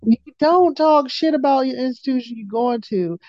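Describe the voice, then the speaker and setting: Blunt woman with a dark, muffled voice. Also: high-pitched, normal speed, no echo. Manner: blunt and matter-of-fact. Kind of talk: casual chat. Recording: dull, muffled mic.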